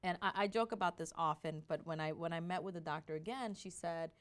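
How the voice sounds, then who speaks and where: A woman telling her personal story as an interview guest, in an animated way with frequent restarts. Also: fairly low pitch, brisk.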